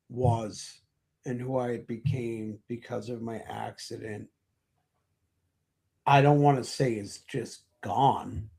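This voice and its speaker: Slow, reflective man telling his story. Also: mid-range voice, creaky, a little mellow. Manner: slow, reflective, hesitant with fillers. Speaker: guest. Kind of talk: interview storytelling.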